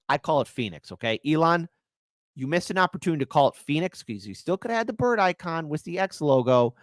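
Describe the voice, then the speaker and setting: A man hosts a live reaction stream, needling everything he plays with sarcasm and mockery. His pitch swings widely from phrase to phrase. The sound is close and dry. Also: sing-song, fast, dry recording. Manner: mocking, sarcastic. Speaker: livestream host.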